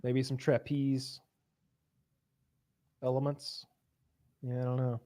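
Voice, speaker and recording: A man's voice: medium pitch, slow pace, dry recording. A man co-hosting a casual podcast, telling stories with lots of swearing and acting out scenes in big voices between laughs. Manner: animated storyteller who acts out scenes loudly, laughing often. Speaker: podcast co-host.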